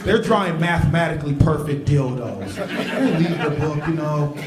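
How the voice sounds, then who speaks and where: A man doing a live stand-up set in a comedy club, telling a story in an animated way. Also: fairly high pitch, moderate pace, echoey room, crowd noise. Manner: animated, storytelling, laughing at his own jokes.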